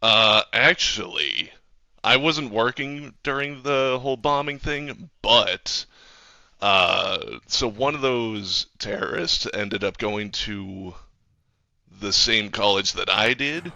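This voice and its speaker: A man's voice: lowish voice, animated, slow, creaky, bright, forceful tone, no room sound. A young man from the Boston area, a paramedic guest in a casual podcast chat, laid-back and self-deprecating. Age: young adult.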